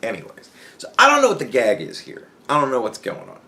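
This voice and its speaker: A man's voice: mid-range voice, huge pitch swings, fast, sharp tone. Podcast host, male, casual and profane, stammers and restarts, plays out imagined conversations. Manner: acts out imagined dialogue. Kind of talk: casual solo commentary.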